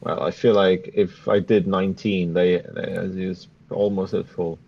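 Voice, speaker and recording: A man playing a tabletop game over a dull, lo-fi voice chat line, his voice sitting somewhat low. He laughs easily and pushes back on rulings he finds unfair. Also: flat delivery. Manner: quick to laugh and to argue the rules. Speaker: player.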